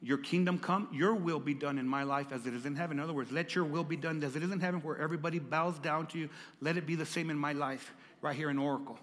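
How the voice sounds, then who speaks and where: A man's voice: on the high side, fairly even intonation, fast, few pauses, fairly bright tone, big-room sound. A male pastor preaching a sermon, dramatic and repeating lines for emphasis as he calls out to the congregation. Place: church.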